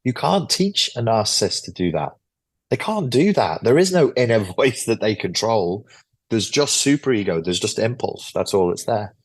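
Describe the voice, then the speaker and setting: A man's voice: on the low side, very animated, normal speed. A man, a guest author, explaining a psychology topic in an interview in a blunt, lecture-like way, swearing freely.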